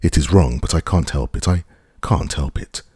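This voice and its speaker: A man's voice: a bass voice, moderate pace, darkish tone, breathy edge, no echo, studio quality, heavily acted. A man reading a thin-voiced, wounded official. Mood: humiliated. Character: stiff, self-pitying grieving official.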